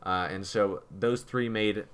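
A man's voice: lowish voice, steady tone, takes it slowly, a bit bright, smooth. A man co-hosting a podcast in casual chat, rambling and repeating words as he thinks. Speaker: podcast co-host.

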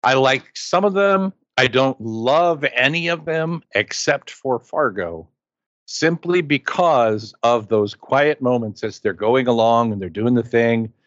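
A man's voice: medium pitch, measured pace, dry recording. Chatty man talking movies on a dull mic. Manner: enthusiastic, rambling, with playful asides. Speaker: podcast co-host. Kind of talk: casual movie chat.

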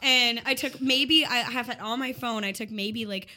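A woman telling a story in casual chat, animated and laughing often, acting out what people said. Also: fairly high pitch, normal speed, background noise. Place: Montreal.

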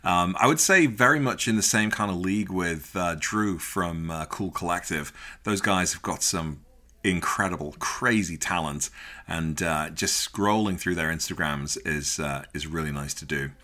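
Chatty British podcast host, man, lowish voice with a bright edge. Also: moderate pace. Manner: upbeat, chatty sign-off. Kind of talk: casual podcast chat and outro.

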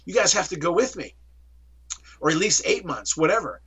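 Bright-voiced middle-aged man telling his story. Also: high voice, normal speed, slightly rough. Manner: animated, acts out dialogue in storytelling. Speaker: interview guest. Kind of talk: storytelling in an interview.

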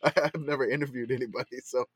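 A man's voice: medium pitch, steady tone, quick pace, over a noisy crowd. Rambling, giggly podcast co-host man. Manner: rambling, filler-heavy, laughs often. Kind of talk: casual chat.

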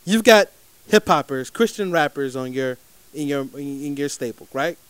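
A man hosting an interview, pressing his guest and repeating himself as he pushes. His voice sits high and swings widely in pitch. The sound is dry and close. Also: normal speed, dry recording, rough recording. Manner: animated, pushy, repeats himself. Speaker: talk show host. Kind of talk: casual radio-style interview.

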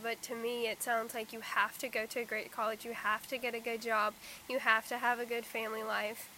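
A woman's voice: a little high, level tone, brisk, few pauses, bright, forceful tone, slight background noise. Hesitant teenage girl. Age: teens. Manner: hesitant, many fillers. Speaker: podcast guest, high school student. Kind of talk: casual podcast chat.

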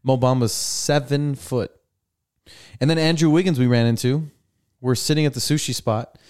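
Smooth and medium-pitched, the young podcast host keeps a moderate pace in this casual chat. He's an animated storyteller who acts out other people's dialogue, heard through a studio mic.

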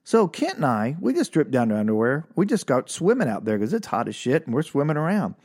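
A middle-aged man, telling a comic personal story in an animated way and laughing at his own punchlines. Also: mid-range voice, fairly quick.

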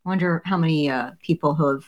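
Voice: mid-range voice, fast, lo-fi sound. A podcast co-host chatting casually, mostly giving short, encouraging replies and light teasing. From Scottish heritage. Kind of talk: casual chat.

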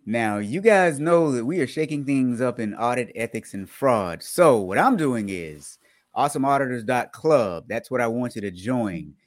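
A man's voice: mid-range voice, expressive, normal speed, no room sound, clean studio sound. A man hosting a casual podcast, joking around and reading news items aloud before explaining them in plain terms. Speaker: podcast host.

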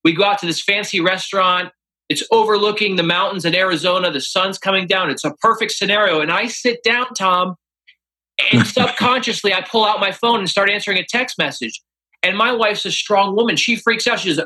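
A man's voice: high-pitched, fairly quick, pushed and bright, poor audio. A man, an author and interview guest, telling stories animatedly and acting out quoted dialogue. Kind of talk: interview storytelling.

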